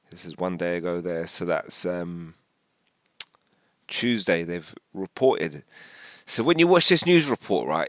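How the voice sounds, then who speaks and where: A man rambling casually through a commentary video, animated and full of restarts. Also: lowish voice, no room sound, studio quality.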